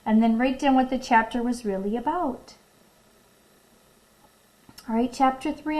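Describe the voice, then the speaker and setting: An elementary school teacher with a light, high voice gives a lively, expressive reading of a picture book for a recorded class. She frequently stops to ask the children questions and tell them to pause. The recording is rough.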